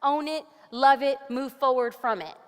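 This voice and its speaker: A woman giving an energetic conference presentation on stage, upbeat and animated, with quick jokey asides. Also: high-pitched, clear, resonant tone. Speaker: conference speaker. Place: large conference hall. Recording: long hall reverb.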